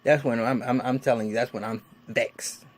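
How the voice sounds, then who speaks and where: A man in his forties giving a casual, excitable, heavily cursing recap of a TV episode. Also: medium pitch, moderate pace, slight background noise. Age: 40s. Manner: excitable, heavily cursing, acts out characters' lines. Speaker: TV episode reviewer.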